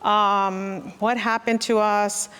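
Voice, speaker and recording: A woman's voice: mid-range voice, flat delivery, takes it slowly, fairly bright tone, smooth. A woman in her forties, a child protective services worker, giving an earnest, reflective personal testimony. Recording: long reverb.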